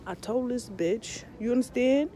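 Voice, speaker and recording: A woman ranting loudly and profanely in a casual vlog, telling an animated story. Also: a little high, measured pace. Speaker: tarot vlogger. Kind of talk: casual rant to camera.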